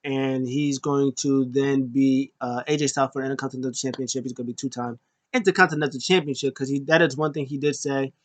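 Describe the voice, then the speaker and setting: A man's voice: mid-range voice, quick pace, no room sound. A man recapping a wrestling show in a casual, rambling way, full of ums and uhs. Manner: rambling, filler-heavy, animated.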